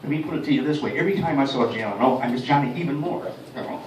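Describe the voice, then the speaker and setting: A man's voice: mid-range voice, racing, crowd noise. A man from Detroit doing a chatty, self-deprecating stand-up routine, chuckling at his own jokes. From Detroit, USA. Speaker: stand-up comedian. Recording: roomy, distant mic, faint ambience.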